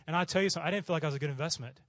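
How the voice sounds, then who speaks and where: Middle-aged male missionary preacher from Oklahoma, quick and animated storyteller, slightly high voice, dry close sound. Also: dry recording. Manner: animated, acts out voices in his stories. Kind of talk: storytelling sermon.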